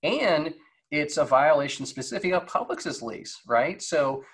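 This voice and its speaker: A man's voice: on the high side, lively intonation, unhurried, fairly bright tone, slightly rough. A man in his forties giving a casual motivational talk over a video call, conversational and full of fillers and rhetorical questions. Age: 40s. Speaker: guest speaker on leadership.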